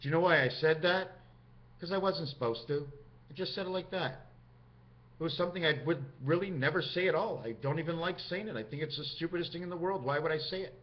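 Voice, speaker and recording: A man's voice: on the high side, brisk, muffled recording. A man talking straight to camera in a rambling, free-associating monologue that jumps from topic to topic. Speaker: vlogger.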